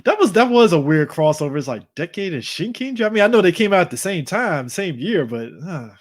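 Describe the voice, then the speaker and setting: A man's voice: high voice, big pitch swings, fairly quick. A man co-hosting a casual fan podcast, laid-back, laughing and swearing as he quotes characters. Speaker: podcast co-host.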